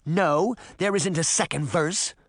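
A man voicing a sharp-tongued little girl fairy in an audiobook, snappy and scornful. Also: high voice, animated, measured pace, no echo, studio quality, voice pushed up. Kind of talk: audiobook character voice.

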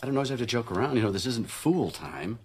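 An actor playing a boastful, goofy middle-aged TV tool-show host in a sitcom, jokey and showy. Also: male voice, mid-range voice, animated, quick pace, heavy background noise, natural voice. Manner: jokey, showy, then quiet and reflective. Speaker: TV home-improvement show host. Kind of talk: sitcom acting.

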